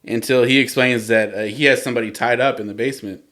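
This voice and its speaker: A man's voice: medium pitch, fairly even intonation, fast, fairly bright tone. A man hosting a podcast, retelling a comic book story in a casual way and chuckling often as he goes. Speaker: podcast host.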